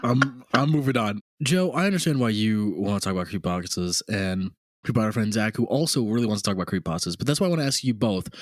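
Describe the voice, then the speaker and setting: A man hosting a comedy podcast, animated and teasing, swearing often in casual chat. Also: lowish voice, quick pace, dry recording, clean studio sound. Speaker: podcast host.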